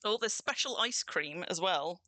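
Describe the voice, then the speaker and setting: A woman streamer talks through her game in a chatty, bubbly way, greeting viewers as she goes. Her voice sits a little low but sounds bright and forceful, with a dry, close sound. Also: animated, a little slow, no echo. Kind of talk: casual livestream chat.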